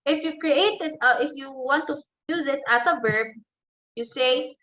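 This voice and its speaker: A woman's voice: high voice, pushed and bright, low-quality recording. A woman teacher giving a lesson, carefully saying example words aloud one by one. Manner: careful, deliberate, models each example word aloud. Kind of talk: slow classroom lecture on word stress.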